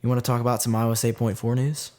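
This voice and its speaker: A man hosting a casual tech podcast, lively and quick to jump between points. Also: mid-range voice. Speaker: podcast host.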